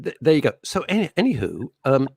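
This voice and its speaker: A man's voice: mid-range voice, huge pitch swings, fast talker, vocal fry, darkish tone, slightly rough, no room sound. A middle-aged man hosting a radio show, chatting casually and rambling through anecdotes. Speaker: radio host. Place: radio studio.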